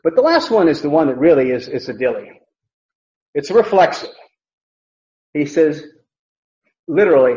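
A man's voice: a little high, big pitch swings, moderate pace, long pauses, mellow. A man teaching an expository Bible sermon, emphatic, and often repeating phrases. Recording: roomy, dull lo-fi sound.

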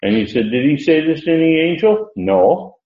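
A man teaching a Bible lesson, reading verses slowly and stressing key words, with frequent "uh" pauses. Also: a little high, sing-song. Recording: roomy lo-fi recording.

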